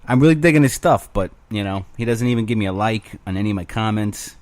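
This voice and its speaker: A man's voice: lowish voice, fast, a little mellow. A man hosting his own show alone, rambling crudely with self-mocking humor. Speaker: podcast host. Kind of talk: casual solo rambling.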